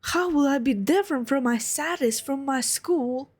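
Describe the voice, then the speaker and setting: A woman's voice: high-pitched, moderate pace, faint music behind. Chatty young woman streamer. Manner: chatty, excitable, talks back to the game. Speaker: gamer streamer. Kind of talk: let's play, reading dialogue aloud.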